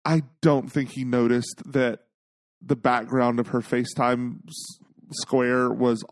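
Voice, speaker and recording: A man's voice: mid-range voice, little pitch movement, takes it slowly. A man co-hosting a podcast in casual chat, giving sassy, blunt opinions. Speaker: podcast co-host.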